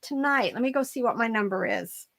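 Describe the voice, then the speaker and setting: A woman's voice: a little high, brisk, gravelly, a bit bright. A woman hosting a live stream about reselling, chatting casually in an upbeat way and often repeating her own phrases. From Germany. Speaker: reseller channel host.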